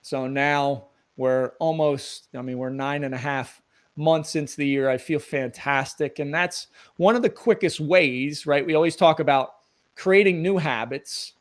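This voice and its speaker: A middle-aged man with a fairly high voice gives earnest, motivational coaching advice as an interview guest. He talks in a relaxed conversational way, laying out his points step by step. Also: unhurried.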